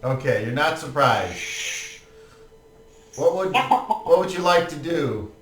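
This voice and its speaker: A man's voice: on the high side, expressive, takes it slowly, far from the mic. A man running a tabletop game as game master, narrating playfully and laughing often. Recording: echoey room, faint music.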